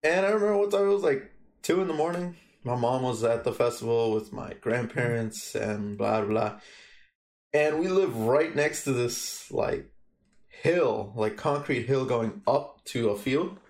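A young Guatemalan man appears as a podcast guest, his voice medium in pitch and his pace measured. He tells a story casually and with lively animation, swearing heavily and acting out the quotes.

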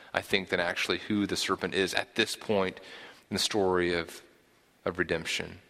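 A man's voice: lowish voice, fairly bright tone, long reverb tail. A man preaching a sermon, explaining scripture earnestly and often repeating a word as he gathers his thought.

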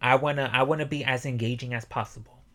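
A young man hosting a motivational podcast alone, swearing a lot and breaking into loud yelling. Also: mid-range voice, quick pace. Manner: profane, animated, bursts into yelling. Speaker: podcast host.

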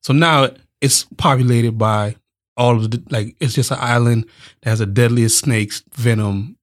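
A man's voice: medium pitch, fairly even intonation, normal speed. A man co-hosting a podcast, chatting casually in a blunt, profane and joking way. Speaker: podcast co-host. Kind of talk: casual chat.

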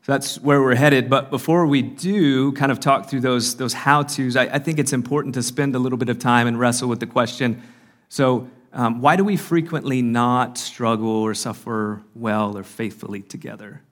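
A man's voice: medium pitch, steady tone, moderate pace, a bit bright. A man speaking earnestly at a marriage conference, giving a faith-based talk with frequent fillers and restarts. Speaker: conference speaker and podcast host. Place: conference hall.

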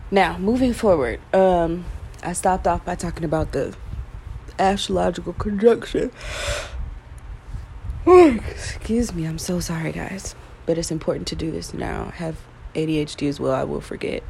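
A woman with a low, gravelly voice talks through a self-recorded vlog, drifting from thought to thought in a loose, frank way and cursing without a second thought. She is getting over an illness, so coughs and yawns slip in. A faint hiss sits under the recording. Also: moderate pace, long pauses, mellow. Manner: rambling, frank, swears casually. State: recovering from illness, yawning and coughing. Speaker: vlogger. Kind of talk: casual spoken monologue.

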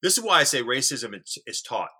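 A man's voice: medium pitch, very animated, brisk, pushed and bright, slightly rough. A man co-hosting a casual talk show, telling a story earnestly and often repeating words as he starts a sentence. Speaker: podcast co-host.

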